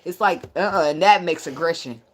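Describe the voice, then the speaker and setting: A woman's voice: lowish voice, a little fast. A woman giving a casual tarot reading, blunt and profane, who laughs a lot and riffs in playful asides. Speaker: tarot reader.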